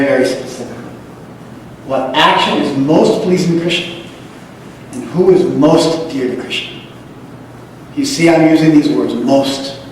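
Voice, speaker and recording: A man's voice: a little high, slight background noise. A man from the United States giving an emphatic religious lecture, repeating key phrases and chanting Sanskrit verses. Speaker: lecturer on scripture. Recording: echoey hall, voice from far off.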